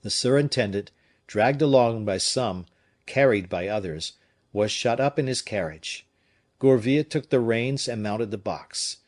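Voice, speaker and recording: A man narrating a classic novel as an audiobook reader, in a steady, measured way. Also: mid-range voice.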